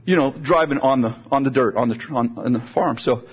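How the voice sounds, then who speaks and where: Husky male preacher telling a story. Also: mid-range voice, fairly quick, dull audio. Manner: storytelling, acts out voices, ends in prayer. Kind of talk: sermon with a personal story.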